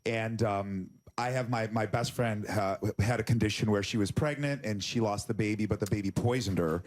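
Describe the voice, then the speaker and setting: A man telling an earnest, somewhat halting story. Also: on the low side, slight background noise. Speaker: guest. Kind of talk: earnest anecdote.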